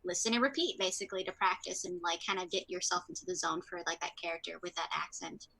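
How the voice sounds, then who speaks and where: A woman with a bright, sharp voice talks casually at an online workshop, wandering through her points with plenty of fillers. She sounds chatty and easygoing. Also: lowish voice, quick pace, creaky. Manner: rambling, chatty, many fillers. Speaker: voice actress host.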